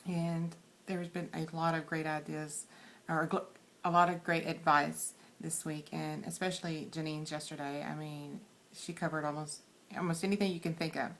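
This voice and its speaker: A woman with a Texan accent talks to her camera in a casual vlog, earnest and a little shy. Her voice sits slightly low and she fills pauses with soft ums. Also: little pitch movement, a little hiss or hum. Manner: soft-spoken, many fillers, earnest; quiet and shy. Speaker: weight loss surgery vlogger.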